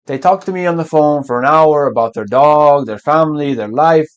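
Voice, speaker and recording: A man's voice: fairly high pitch, moderate pace, muffled recording, lightly acted. A man playing a fed-up salesman. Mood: frustrated. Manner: weary complaining. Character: frustrated young male salesman.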